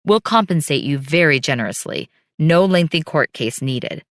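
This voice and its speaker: A woman's voice: sits low, expressive, normal speed, dry recording, studio quality. A woman voicing a slick, emotionless man in a suit who speaks matter-of-factly with a fake smile. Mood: smooth. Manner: matter-of-fact, falsely smiling.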